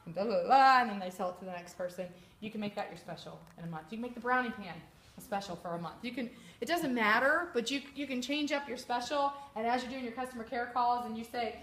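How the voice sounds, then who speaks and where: Woman, chatty sales trainer, higher voice, lively, recorded in an echoey room with light background noise. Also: fast talker. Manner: chatty, animated, acts out customer voices. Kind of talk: training talk to a live group.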